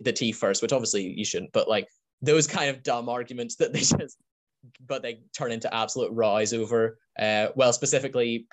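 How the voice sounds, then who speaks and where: A man hosting a casual podcast chat, enthusiastic and rambling, laughing often. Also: lowish voice. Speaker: podcast host.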